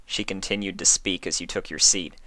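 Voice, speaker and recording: Deep-voiced man reading a story aloud. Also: fairly even intonation, fairly quick, bright, forceful tone, dry recording. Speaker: story reader. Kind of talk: audiobook narration.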